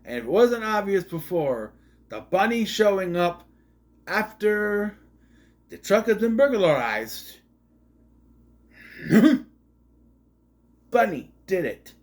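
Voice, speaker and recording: A man's voice: high-pitched, big pitch swings, a little slow. A man giving a casual, rambling movie review with sarcastic asides and frequent restarts.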